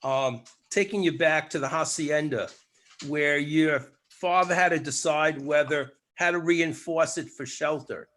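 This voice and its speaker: A man interviewing a speaker, asking gentle prompting questions. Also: a little high, steady tone, a little slow.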